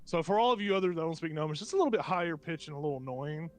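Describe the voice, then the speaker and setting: A man's voice: a little high, expressive, racing. A man narrating a tabletop game as game master, often chuckling and restarting as he goes.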